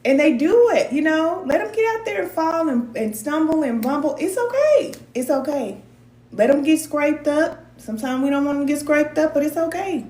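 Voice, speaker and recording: Expressive and fairly high, with a darkish tone, this woman's voice moves at a moderate pace. She's a spiritual advisor in her forties, talking casually and at length on a livestream while reading viewers' comments aloud. There's a roomy sound and faint noise.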